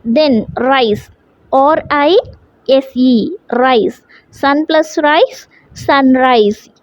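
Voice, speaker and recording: A woman with an Indian English accent teaching a classroom English lesson, spelling words out letter by letter in a slow, deliberate way. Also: high-pitched, no echo. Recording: dull lo-fi sound.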